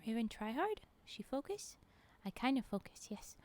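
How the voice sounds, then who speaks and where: Mellow-voiced woman streamer, playful and chatty. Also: high voice, animated, normal speed. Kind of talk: casual chat while gaming.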